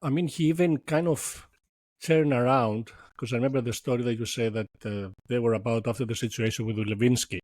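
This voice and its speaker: A man hosting an interview, asking questions hesitantly with soft murmurs of agreement. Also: mid-range voice, steady tone, fairly quick, dry recording. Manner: hesitant, lots of fillers and soft listening murmurs. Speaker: podcast host.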